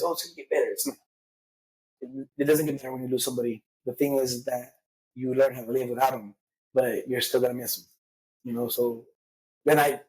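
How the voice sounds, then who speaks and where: A man's voice: mid-range voice, slightly rough, low-quality recording. A man telling his life story candidly, with heavy profanity, street slang and frequent fillers like "man" and "you know". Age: adult father. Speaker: podcast guest.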